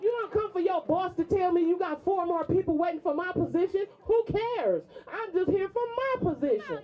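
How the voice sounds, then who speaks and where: Fiery high-voiced woman at a rally. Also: animated, normal speed, dull audio, a faint crowd. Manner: indignant, emphatic, repeats phrases. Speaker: striking warehouse worker. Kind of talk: impassioned rally speech.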